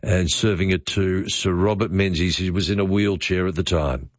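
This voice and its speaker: An older man hosting talkback radio, his voice slightly low and set close to the mic in a dry room. He chats easily and exclaims often, breaking off to read listener messages aloud. The sound is a little dull and lo-fi. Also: normal speed, no room sound. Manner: chatty, exclaiming, reads listener texts aloud. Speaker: radio host.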